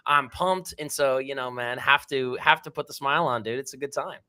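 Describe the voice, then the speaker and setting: A man's voice: medium pitch, a little fast, bright, forceful tone. A man appearing as a guest on a casual livestream, talking in an enthusiastic, slangy, upbeat way. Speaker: guest, project founder.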